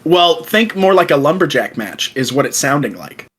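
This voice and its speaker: Young guy on a podcast call, kinda high voice, all hyped up telling wrestling stories and doing the lines. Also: moderate pace, slightly rough, rough recording. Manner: excited storytelling, acts out the quoted lines. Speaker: podcast co-host. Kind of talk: casual chat. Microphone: remote call.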